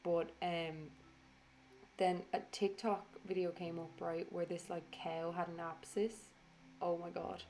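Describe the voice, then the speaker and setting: A tired woman rambles through a casual voiceover for her craft video. Her voice sits a little low. She swears freely and pokes fun at herself as she goes. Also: darkish tone.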